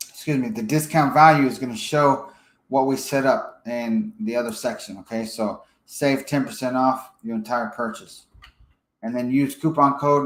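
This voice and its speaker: A man giving a casual screen-share software tutorial, thinking aloud as he edits and checking in with "okay?". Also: medium pitch, reverberant, poor audio. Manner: casual, thinks aloud while editing, frequent fillers and "okay?" check-ins. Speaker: software trainer.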